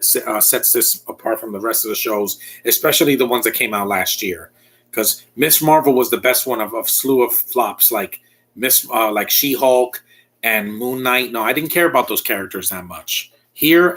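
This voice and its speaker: A man's voice: mid-range voice, fairly bright tone, breathy edge. A man giving a casual spoken review as a YouTube channel host. He talks bluntly, rambles and often restarts his sentences.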